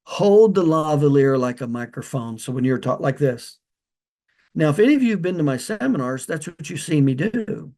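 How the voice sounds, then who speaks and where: A man's voice: a little high, animated, moderate pace, mellow. A man who is a practice consultant, giving loose spoken training with direct instructions and frequent restarts. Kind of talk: casual spoken training video. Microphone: holds a lavalier like a handheld mic.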